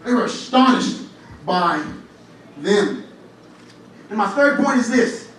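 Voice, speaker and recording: A young man preaching a lively sermon, telling stories with humor and rising to shouts at times. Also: high voice, slow pace. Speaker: church speaker. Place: large church hall. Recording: echoey hall, from far off, faint noise.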